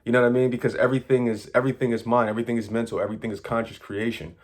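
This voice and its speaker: A man talks in an ordinary mid-range voice, neither high nor low. He gives an earnest, lecturing monologue as a coach. He circles back over the same points again and again. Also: little pitch movement, rapid-fire. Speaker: manifestation coach. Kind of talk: motivational monologue to viewers.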